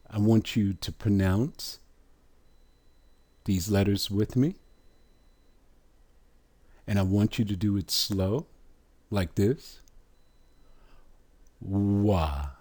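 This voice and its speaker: A man teaching pronunciation in a slow, deliberate way, drawing sounds out and putting rhetorical questions to his listeners. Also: fairly low pitch, darkish tone, husky. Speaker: religious teacher.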